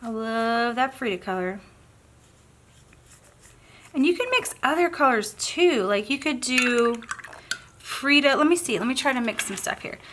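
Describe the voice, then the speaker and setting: A woman's voice: fairly high pitch, animated, measured pace, long pauses, background noise. A woman with a Southern accent chatting casually through a painting tutorial, bubbly and thinking aloud as she works. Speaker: craft tutorial host.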